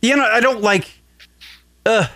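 A man's voice: extremely high pitch, unhurried, no echo. A man hosting a radio talk show, rambling and swearing as he retells a story in casual comedic chat. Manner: profane, rambling, animated retelling.

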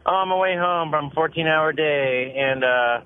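A drunk man calling into a radio show, rambling and halting, with lots of fillers. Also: fairly high pitch, clear, resonant tone. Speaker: caller. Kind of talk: casual phone call to a radio show. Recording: tinny phone line with hiss.

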